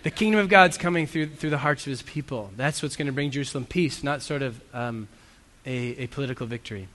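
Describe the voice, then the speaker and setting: A man's voice: mid-range voice, quick pace, fairly bright tone. A man preaching a sermon as a pastor, earnest and conversational, with self-deprecating asides. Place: church hall. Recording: long reverb of a church hall.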